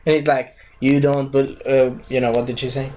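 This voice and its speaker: A man's voice: medium pitch, little pitch movement, brisk, darkish tone, a little hiss or hum. A man giving a casual spoken movie review, rambling, losing his thread and correcting himself as he goes.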